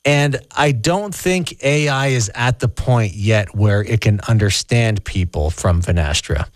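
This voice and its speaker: A man's voice: on the low side, unhurried, no echo. A man, hosting a casual radio chat in a chatty, joking way. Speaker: radio host.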